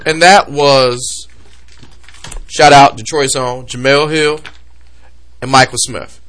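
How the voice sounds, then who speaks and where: A man's voice: mid-range voice, slow. A man hosting a podcast, delivering a heated, comedic rant about sports coverage with lots of energy. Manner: animated, heated ranting. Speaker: podcast host.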